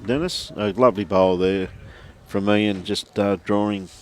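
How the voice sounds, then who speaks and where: An Australian man calls a lawn bowls game with an easy, chatty manner, laughing often and calling everyone mate. His voice sits fairly low. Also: fairly even intonation, unhurried, a little mellow. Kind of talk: live sports commentary.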